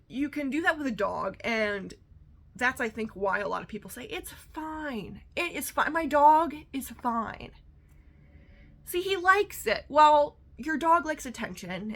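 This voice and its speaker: Woman podcast host, rambling solo chat, sassy, caffeinated, sharp bright tone. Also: on the high side. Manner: rambling, sassy, lots of fillers. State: amped up on coffee.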